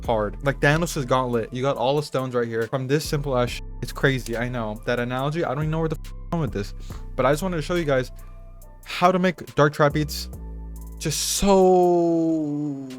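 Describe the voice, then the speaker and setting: A young man hosting a casual beat-making tutorial, talking in a rambling, profane, slangy hype way. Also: mid-range voice. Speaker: music producer tutorial host. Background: trap beats playing.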